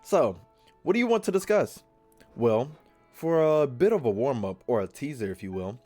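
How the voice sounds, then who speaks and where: A man of ordinary pitch reads game dialogue aloud, casual and jokey, stumbling over words and swearing now and then. Soft game music plays beneath his voice. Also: sing-song, normal speed. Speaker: gaming video host. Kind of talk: reading game dialogue aloud while playing.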